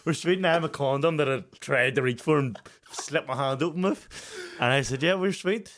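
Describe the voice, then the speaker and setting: His pitch is fairly high and his pace brisk as this Northern Irish man in his thirties, a podcast co-host, tells a story in relaxed chat. Animated and profane, he breaks into laughter often.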